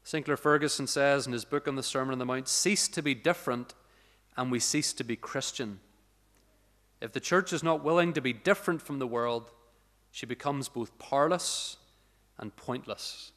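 A man preaching a sermon as pastor, earnest and emphatic, slowing down and lifting his voice to stress key points. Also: medium pitch, fairly bright tone. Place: church sanctuary. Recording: long church reverb.

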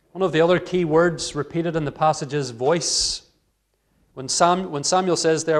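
A man's voice: on the high side, fairly even intonation, moderate pace. A man preaching an earnest expository sermon, reading scripture aloud and voicing its dialogue with rising emphasis.

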